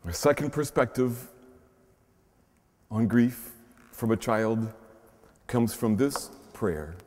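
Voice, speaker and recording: A pastor's expressive, slow, medium-pitched voice carries a slightly mellow quality and a Midwestern American accent. He delivers a conversational sermon, regularly punctuating it with a questioning "huh?", amid the long reverb of a large church shrine.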